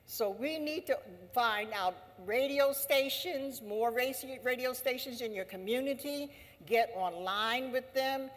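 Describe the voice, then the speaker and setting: A woman giving an impassioned rally speech at an assembly, with a fervent, repetitive, preaching cadence. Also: mid-range voice. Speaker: speaker at an anti-imperialist assembly. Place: large hall. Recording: reverberant hall sound.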